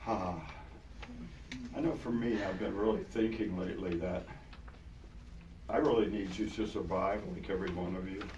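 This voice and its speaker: An older man with a low, hoarse voice preaches in a relaxed, conversational way, leaning on repeated words for emphasis. He is heard from some distance in a roomy, echoing church hall. The recording carries a clear layer of background noise. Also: moderate pace, long pauses. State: hoarse, voice partly gone. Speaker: pastor. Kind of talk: sermon. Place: large church hall with congregation. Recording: echoey hall, taken from far off, noisy.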